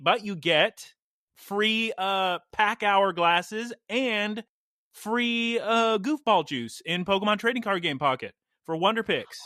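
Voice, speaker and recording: A man hosting a casual podcast, telling stories in an animated way with frequent laughs. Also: sits high, dry recording, clean studio sound. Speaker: podcast host.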